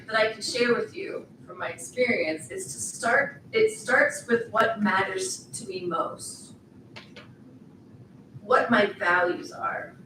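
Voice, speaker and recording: A woman's voice: fairly high pitch, pushed and bright, far from the mic, slight background noise. A middle-aged woman giving a ceremony speech, playful and encouraging, talking straight to the graduates. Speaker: commencement speaker. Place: large event hall. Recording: echoey hall, voice heard from afar.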